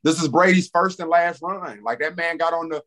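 This is a man co-hosting a sports podcast in a loose, conversational way. His voice sits slightly high, and he punches his points with emphatic repetition. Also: normal speed. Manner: animated, emphatic, repeats catchphrases. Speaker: podcast co-host. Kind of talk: casual sports chat.

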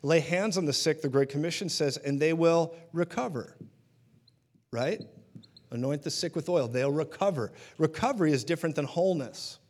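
A man's voice: fairly high pitch, normal speed. A man preaching a sermon in a conversational teaching manner, often checking in with his listeners.

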